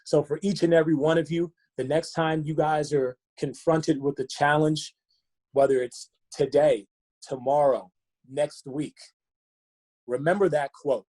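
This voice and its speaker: A man's voice: fairly high pitch, steady tone, a little slow, a little mellow. A man, a fitness coach, giving a motivational talk over a video call, earnest and fond of rhetorical questions.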